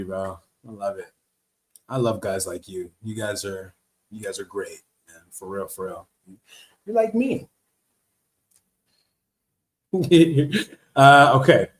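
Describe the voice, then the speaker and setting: A man hosting a casual livestream Q&A, reading viewer comments aloud and answering in a slangy, laid-back way. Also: mid-range voice. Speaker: livestream host.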